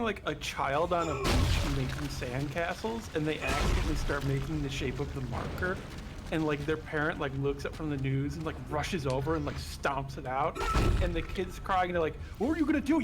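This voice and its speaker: Wry man with a higher voice. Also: normal speed, over loud music. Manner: wry, joking asides. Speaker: co-host chatting with the streamer. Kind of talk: casual chat.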